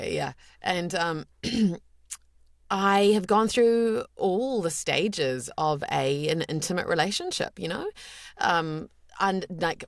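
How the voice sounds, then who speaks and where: A woman's voice: deep voice, dry recording, clean studio sound. A woman in her thirties with a New Zealand accent, talking earnestly and candidly as a voice actor guest, with many restarts. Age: 30s. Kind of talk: casual interview chat.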